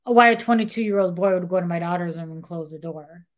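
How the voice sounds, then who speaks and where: A woman's voice: lowish voice, brisk. A young woman hosting a podcast, retelling a true-crime story in a casual chatty way and acting out the quoted lines. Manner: animated, acts out quotes in dialogue, says "like" a lot. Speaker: podcast co-host.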